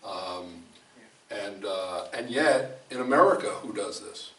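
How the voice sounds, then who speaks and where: A man's voice: fairly low pitch, expressive, slow pace, a bit bright. A man giving a conversational, storytelling sermon in a fellowship hall, speaking emphatically and often restarting his sentences. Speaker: preacher. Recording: echoey hall from a distant mic, faint room noise.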